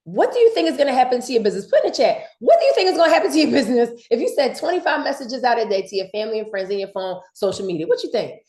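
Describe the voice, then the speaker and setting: A woman from giving an excited, fast motivational sales training talk, repeating her points. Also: a little high, echoey room. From Philadelphia.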